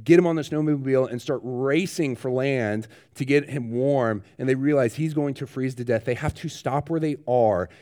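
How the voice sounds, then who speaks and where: Male pastor, mid-range voice, lively anecdotal sermon delivery. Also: mid-range voice. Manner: animated storyteller, rising excitement, laughs. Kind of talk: sermon storytelling.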